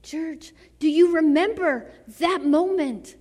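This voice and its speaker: A woman preaching a sermon to a church. She delivers it dramatically, dropping to soft near-whispers and then rising to fervent exclamations. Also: sits high, takes it slowly. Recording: long reverb of a large hall.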